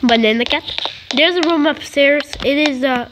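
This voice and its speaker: A woman's voice: high-pitched, normal speed. A young female gamer chatting playfully while she plays, silly and repetitive. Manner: chatty, silly, repeats herself. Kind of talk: playful gameplay commentary. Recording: noisy home recording.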